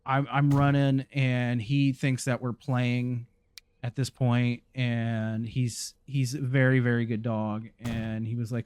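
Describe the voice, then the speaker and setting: A man's voice: mid-range voice, level tone, slow, darkish tone, clean tone. A man, hosting a gaming channel and telling a rambling story while he plays, full of restarts and fillers. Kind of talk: casual storytelling while playing a game.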